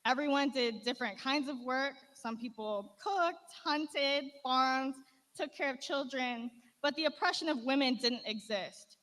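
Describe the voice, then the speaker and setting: High-voiced woman speaking in a reverberant hall. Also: unhurried, a bit bright. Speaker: conference speaker. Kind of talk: prepared speech. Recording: played-back speech with long hall reverb.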